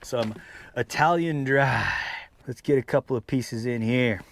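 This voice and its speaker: Setting out snacks at a mountain campsite, a man talks to his dogs and chats casually with the camera for his outdoor vlog. He speaks unhurriedly in a creaky, medium-pitched voice, with a slight hiss or hum in the background.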